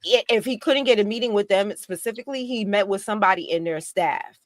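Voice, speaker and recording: Casting: indignant woman, mid pitch, talks in bursts, dry close mic. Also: brisk, no room sound. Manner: animated, indignant, many restarts. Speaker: guest activist. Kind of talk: casual political discussion.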